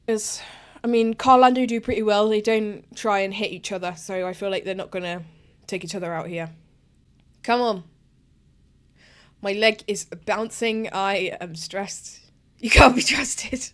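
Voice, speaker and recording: A woman's voice: medium pitch, a bit bright. A young woman giving a live, emotional, chatty reaction commentary while watching a race.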